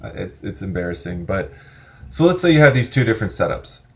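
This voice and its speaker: A man's voice: low voice, sing-song, a little fast, vocal fry, echoey room, slight background noise. A man hosting a casual video reply, explaining things in a rambling, self-correcting way with offhand swearing. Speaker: prepper channel host. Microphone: desk mic with some feedback.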